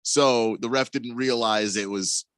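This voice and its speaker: Measured male radio co-host. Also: medium pitch, fairly even intonation, fairly bright tone, smooth, no room sound, studio quality. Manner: measured, reasoning, laughs easily. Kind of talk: casual sports talk.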